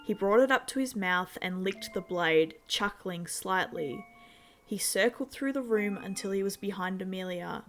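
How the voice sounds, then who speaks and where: A woman narrating a horror story in a measured, steady storytelling manner. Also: mid-range voice, soft background music.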